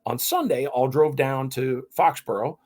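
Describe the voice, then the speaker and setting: A man in his fifties from New England, a podcast guest telling animated stories in casual interview talk. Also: medium pitch, measured pace. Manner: animated, lively anecdotes with restarts.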